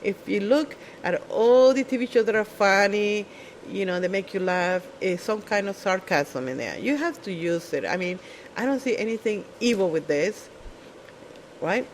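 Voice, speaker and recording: Casting: mid-pitched, blunt, swearing storyteller, non-native phrasing, sarcastic asides, faint noise behind. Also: animated, moderate pace, low-quality recording. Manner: blunt, profane, sarcastic, mimics other people. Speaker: show speaker. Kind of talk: casual storytelling monologue.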